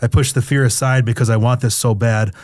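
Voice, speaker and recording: A man's voice: medium pitch, fairly even intonation, a little fast, a little mellow, dry recording, clean studio sound. A middle-aged man reading his own memoir aloud in the first person, candid and crude in a confessional tone.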